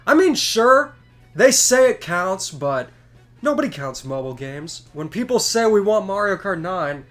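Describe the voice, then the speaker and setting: A congested man in his twenties talks through a live game stream, his stuffy voice pitched high. He chats in an excitable, rambling way, with soft game music in the background. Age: 20s. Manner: chatty and excitable. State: congested from a cold. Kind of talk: casual live stream chat.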